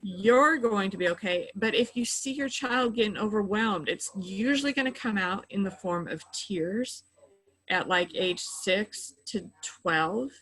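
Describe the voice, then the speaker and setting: A woman's voice: medium pitch, measured pace, fairly bright tone, low-quality recording. A middle-aged woman who works in mental health, patiently explaining coping tips in a conversational interview, with frequent "you know" fillers.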